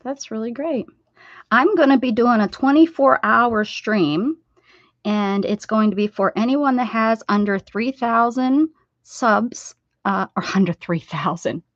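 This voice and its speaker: A woman's voice: a little high, unhurried, dry recording. Chatty woman on a dull, dry livestream. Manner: rambling, chatty, greets viewers by name. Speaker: livestream host. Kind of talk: casual livestream chat while sewing.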